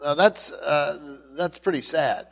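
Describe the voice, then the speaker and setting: A man preaching a verse-by-verse Bible teaching, stumbling and repeating words, his voice rising loud and then dropping quiet. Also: a little high, gravelly, long reverb tail, highs cut off. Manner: halting, repeats words often, swings between loud and quiet. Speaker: pastor.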